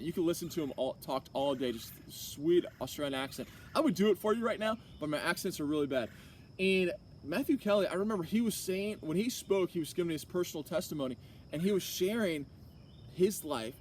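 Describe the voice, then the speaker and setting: A man's voice: fairly high pitch, darkish tone. A young man giving an earnest, casual personal testimony to a class, full of filler likes and restarts. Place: classroom or hall. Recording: distant mic with faint room noise.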